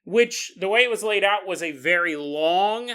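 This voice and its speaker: Bright, high-voiced male storyteller. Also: moderate pace, clear, resonant tone. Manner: animated, chuckling, conversational asides. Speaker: podcast host. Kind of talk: casual storytelling narration.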